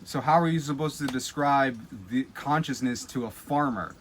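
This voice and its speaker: A man giving a casual spoken teaching, guiding the listener through an exercise and often dropping to a soft, low voice. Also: lively intonation, normal speed, hardly any pauses, slight background noise. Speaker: spiritual teacher.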